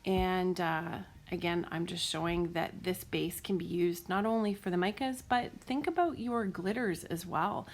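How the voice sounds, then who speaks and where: A woman's voice: lowish voice, a little slow, hardly any pauses, a little hiss or hum. A woman narrating a casual card-making tutorial as she works at her desk, chatty and rambling, with lots of fillers and self-corrections.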